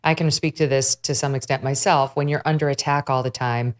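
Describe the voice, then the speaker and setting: A woman's voice: a bass voice, steady tone, brisk. A woman hosting an interview, reacting to and interjecting in her guest's story. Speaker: host.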